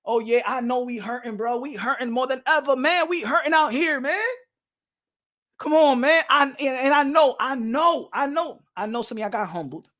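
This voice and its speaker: A man's voice: extremely high pitch, normal speed. A New York man hosting a boxing channel, ranting casually with lots of cursing and frequent laughter. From New York City. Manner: animated, profane, laughs often. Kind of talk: casual rant to camera.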